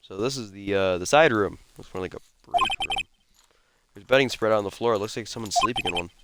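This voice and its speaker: A man's voice: lowish voice, fast, heavy background noise. A man streaming himself, reading game dialogue aloud with casual, swearing asides. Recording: loud game music behind.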